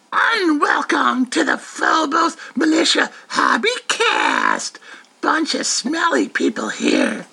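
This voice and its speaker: A shrill, crude doll lady, as a man puts her on, with her voice leaping high and wailing through each line. The tone is bright and sharp, with a gravelly edge under the squeals. She teases and insults everyone in a mock-sweet, lewd way. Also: heavily acted. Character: creepy cursed female doll, shrill and lewd. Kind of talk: comedic podcast voice bit.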